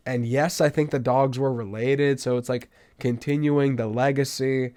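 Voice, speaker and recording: A young man hosting a podcast, telling stories in a casual monologue that swings from loud outbursts to low mutters. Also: fairly even intonation, moderate pace. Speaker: podcast host.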